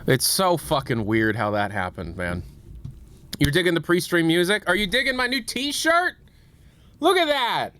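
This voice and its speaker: A man's voice: a little high, animated, normal speed, fairly bright tone. Casual male streamer, rambling and self-deprecating, swears freely. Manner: rambling, self-mocking and profane. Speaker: livestream host.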